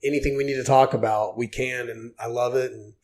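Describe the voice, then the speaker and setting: A man's voice: medium pitch, steady tone, fairly quick, darkish tone. Man, forties, from Oklahoma, podcast guest, earnest, rambling, heartfelt. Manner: earnest, heartfelt storytelling with many fillers. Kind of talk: casual podcast interview.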